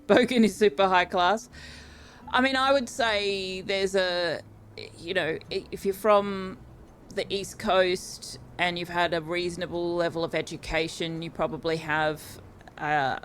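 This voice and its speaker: A woman's voice: on the low side, steady tone, moderate pace. An Australian woman streaming a game, chatting casually and correcting herself as she goes. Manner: chatty, self-correcting, amused. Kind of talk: casual gameplay commentary.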